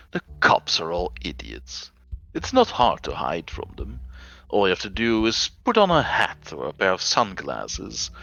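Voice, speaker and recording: Sadistic game killer, gloating and low-voiced, a man putting him on, dull lo-fi sound. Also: vocal fry, sharp tone, heavily acted. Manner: slow, gloating and menacing. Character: smug adult male serial killer, sadistic.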